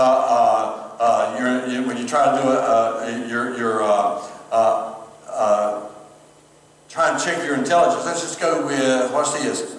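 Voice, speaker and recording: A man's voice: on the high side, a bit bright. A male pastor, giving a conversational sermon in a church and talking to viewers online. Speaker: pastor and former chaplain. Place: church sanctuary, streamed service. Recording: very echoey hall from far off.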